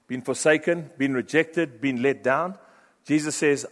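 Impassioned male preacher in a reverberant hall. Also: moderate pace. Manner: impassioned, swings from loud urgent bursts to hushed low phrases. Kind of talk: sermon. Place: church hall. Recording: long reverb of a large hall.

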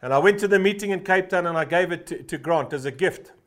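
A pastor in his 50s delivers a fervent sermon in a high-pitched voice at a quick pace. He tells stories laced with frequent "uh" fillers and hammers home a short refrain again and again for emphasis.

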